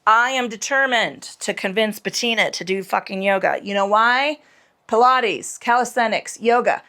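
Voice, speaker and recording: A woman's voice: on the high side, moderate pace, sharp tone. A woman leading a casual yoga class, calling out poses and breath cues between profane rants, sometimes dropping to a whisper on a cue. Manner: profane, ranting, cues moves between tangents; cues some moves in a whisper. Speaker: yoga instructor.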